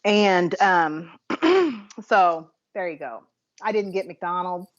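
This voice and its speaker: A woman co-hosting a chatty podcast, telling an animated story between laughs. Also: fairly low pitch, takes it slowly. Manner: animated, laughing anecdote teller. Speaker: podcast co-host. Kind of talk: casual chat, storytelling. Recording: dull lo-fi sound.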